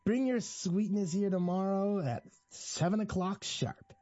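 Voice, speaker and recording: A man voicing a creepy, patronizing male tattooist with a high, whiny, drawn-out voice. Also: dark tone, lo-fi sound.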